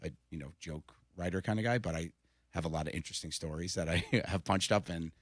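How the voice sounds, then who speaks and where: Fast-talking, low-voiced man telling stories. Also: no room sound, clean studio sound. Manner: animated storyteller, laughs often. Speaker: comedian guest. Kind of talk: casual interview storytelling.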